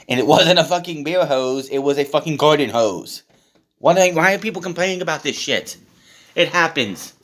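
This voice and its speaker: A man's voice: on the high side, bright, forceful tone. A young man giving a casual, blunt and profane rant as a wrestling show reviewer.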